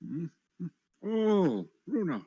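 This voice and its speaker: A woman voicing a polite, gentle retired old male police detective who chuckles softly. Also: lowish voice, sing-song, very slow, husky, dry recording, pitched below the performer's own voice, exaggerated voice, poor audio. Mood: genial.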